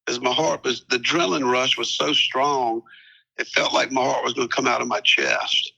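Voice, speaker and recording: An older man tells his story in a calm, unhurried way, leaning on fillers and repeated words. His voice is gravelly and strongly forceful, with a bright, tense edge. He speaks as a guest in an interview. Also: medium pitch, muffled recording. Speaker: guest, retired police captain.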